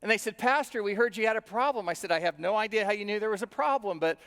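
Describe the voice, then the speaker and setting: A middle-aged male pastor preaches through homely, self-deprecating stories, talking to the congregation as if chatting. His voice sits high for a man and comes across smooth and resonant. The sound rings out with the long reverb of a large hall. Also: lively intonation, quick pace, fairly bright tone. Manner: conversational storytelling, self-deprecating. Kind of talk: sermon with personal stories.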